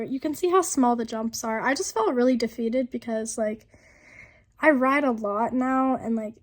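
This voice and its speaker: A young woman narrating a casual vlog voiceover, chatty and rambling with lots of fillers, her voice rough from a lingering illness. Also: a little high, a little mellow. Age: young adult. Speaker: vlogger. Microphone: voiceover mic.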